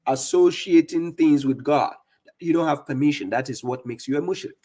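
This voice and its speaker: A man's voice: fairly high pitch, mellow. Scolding male religious commentator. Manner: scolding and mocking, reads verses slowly. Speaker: live-stream religious commentator. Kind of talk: preaching commentary on played clips.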